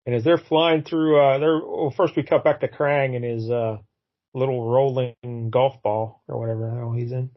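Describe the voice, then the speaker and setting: A man co-hosts a casual comic book review podcast, rambling as he retells a comic's plot with many fillers and acting out characters' lines. His medium-pitched voice is steady in tone and moderately paced, but the recording is muffled.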